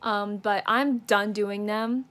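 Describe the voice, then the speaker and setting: With a medium-pitched, fairly bright voice, a young adult woman speaks slowly and with fairly even intonation. A student vlogger, she's recording a casual daily video diary while isolating with coronavirus and showing no symptoms, chatting away and laughing at herself in a self-deprecating manner.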